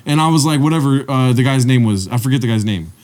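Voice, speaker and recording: A man's voice: mid-range voice, fast. A man, co-hosting a casual podcast and telling stories with lots of swearing and acted-out voices. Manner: animated, swears freely, acts out quoted voices. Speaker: podcast co-host. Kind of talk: casual chat, storytelling.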